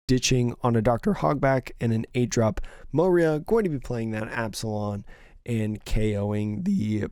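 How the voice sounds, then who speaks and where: In a studio-quality recording with no room sound, a young man offers casual solo play-by-play of a card game match on stream, reasoning aloud through each player's choices. His voice is mid-range with a darkish tone, and slightly worn as he's starting to lose it.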